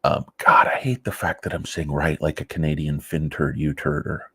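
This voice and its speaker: A man's voice: rumbling low, little pitch movement, moderate pace, vocal fry, a bit bright, breathy edge, no room sound. A man hosting a stock market vlog in a blunt, profane, sarcastic rant. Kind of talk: casual ranting vlog.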